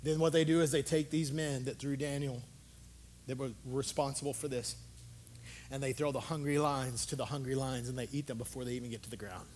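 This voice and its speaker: A male pastor preaching a sermon in an impassioned way, moving between hushed low talk and loud, urgent exhortation. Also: fairly even intonation, a little fast, a little hiss or hum.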